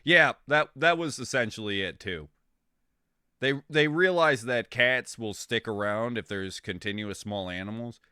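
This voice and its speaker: A young man streaming, chatting casually with viewers in a rambling, excitable way, swearing freely. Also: medium pitch, measured pace, clean tone, no echo, clean studio sound.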